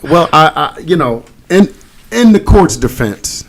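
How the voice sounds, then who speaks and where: A man's voice: on the high side, sing-song, unhurried, vocal fry. A man, cohosting a casual podcast chat and telling a court story, cursing freely and acting out quotes. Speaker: podcast co-host.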